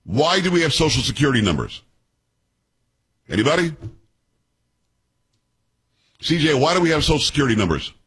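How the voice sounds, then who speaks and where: A man's voice: a little high, sing-song, normal speed, pauses often, fairly bright tone, slightly rough. A man in his sixties hosting a political talk radio show, blunt and sarcastic, quizzing his co-hosts and ranting at the news.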